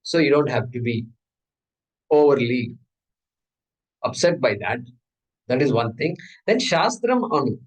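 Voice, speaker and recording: A man's voice: medium pitch, expressive, unhurried, long pauses, poor audio. A man teaching a scripture class in a conversational way, asking his students questions. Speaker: Vedanta teacher.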